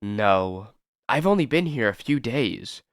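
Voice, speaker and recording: Brief: frightened nurse, read by a man, lively pitch, dry sound. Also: slow, no room sound. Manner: nervous, hushed. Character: frightened young woman nurse.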